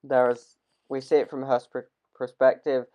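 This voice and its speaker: A man's voice: medium pitch, little pitch movement, moderate pace. A man losing his voice, giving a rambling, hesitant casual video review of a TV episode. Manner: rambling and hesitant, trailing off mid-sentence. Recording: dull lo-fi recording.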